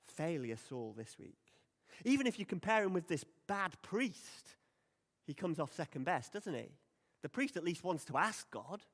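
A man preaching a sermon in a conversational, emphatic way. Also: on the high side. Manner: conversational, emphatic, acts out quoted lines. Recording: long hall reverb.

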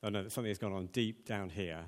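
A man's voice: lowish voice, fast talker. A man preaching a conversational sermon, with plenty of ums and repeated words. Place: church. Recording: long church hall reverb.

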